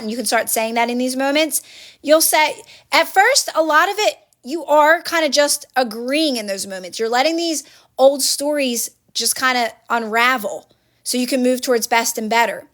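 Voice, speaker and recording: A woman livestreaming by phone coaches her viewers with casual motivational advice, earnest and repetitive. She speaks at a moderate pace in a fairly bright voice that sits high.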